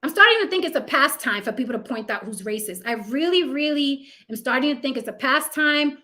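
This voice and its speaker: Blunt, high-voiced woman livestream host. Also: lively intonation, brisk, bright, forceful tone. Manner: blunt, profane, mocking impressions. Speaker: channel host. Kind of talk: casual opinion livestream.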